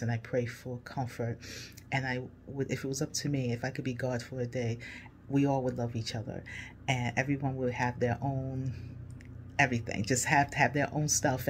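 An earnest man speaks directly to his followers in a heartfelt vlog, emotional and emphatic as he makes his points. He is an English teacher from the United States with a voice of ordinary middle pitch. A faint hum of noise sits behind him. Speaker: English teacher and channel host. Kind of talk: heartfelt direct-to-camera message to viewers.

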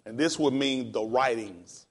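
Male pastor, mid pitch, unhurried, casual teacher who spells terms out letter by letter. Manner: spells words out letter by letter, upbeat and encouraging.

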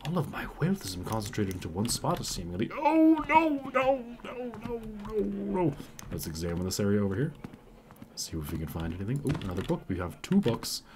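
A man doing let's-play commentary on a horror game. He talks to viewers in a hush, swears, and yells in panic. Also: low-pitched, very animated, quick pace, noisy background. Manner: hushed and careful, then yelling in panic. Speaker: gaming video creator. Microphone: desk mic.

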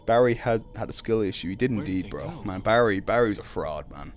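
A young Irish man streaming a video game live, chatting casually, reading out viewer messages and reacting loudly when startled. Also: fairly low pitch, expressive, quick pace, a little hiss or hum. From Ireland. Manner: casual, reads chat aloud, yelps when startled. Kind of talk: live gameplay stream chat.

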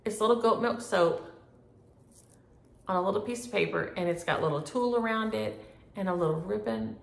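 A middle-aged woman, chatting homey and warmly to her viewers about stitching and mail. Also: medium pitch, moderate pace, creaky. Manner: homey, chatty, uses y'all. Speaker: flosstube host. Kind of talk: casual chat to camera. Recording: echoey room.

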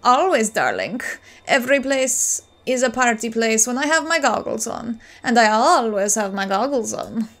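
Brief: woman doing a carefree party man with a made-up accent, high voice. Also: expressive, moderate pace, a bit bright. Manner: put-on foreign accent, carefree. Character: flamboyant party-loving man in goggles.

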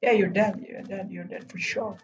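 A man giving live commentary while streaming a game, urging himself on and breaking into loud whoa and no cries. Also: high voice, steady tone, normal speed, echoey room, muffled recording, slight background noise. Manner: talks to himself and urges teammates on. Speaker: gaming streamer.

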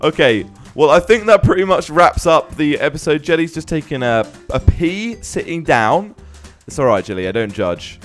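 A man's voice: on the high side, very animated, normal speed, soft background music. A young man casually commenting on a life-simulation game as host, often laughing and exclaiming at what happens on screen. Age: young adult. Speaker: gaming channel host.

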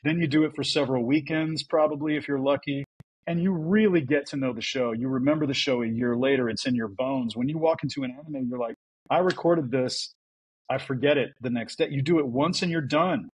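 A husky, slightly breathy man chats as a podcast guest. He tells stories with animated energy, popping into little voices when he quotes people. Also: medium pitch, a little fast, no room sound, rough recording. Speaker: voice actor guest. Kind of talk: casual podcast storytelling.

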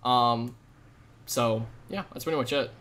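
Unhurried and a bit bright, a medium-pitched man streams a game live while talking casually to his viewers. He keeps it upbeat and slangy, using a USB microphone set on his desk.

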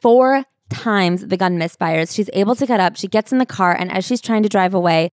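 A woman's voice: mid-range voice, brisk, no room sound, clean studio sound. A woman co-hosting a podcast, chatting casually about a book with wry asides. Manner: conversational, wry, uses "like" a lot. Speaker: podcast co-host. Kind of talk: casual book-club chat.

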